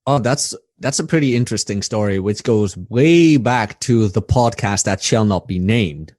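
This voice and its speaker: A man's voice: fairly low pitch, moderate pace, dry recording. Young Dutch man, dry close sound. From Netherlands. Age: young adult. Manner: animated, ranting, swears casually. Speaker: podcast guest. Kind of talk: casual chat.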